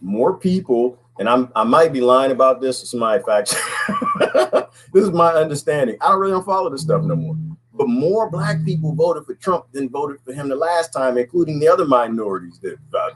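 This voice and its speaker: A middle-aged man talking casually to viewers, folksy and animated, full of rhetorical questions. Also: fairly high pitch, slight background noise, low-quality recording. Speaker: podcast host.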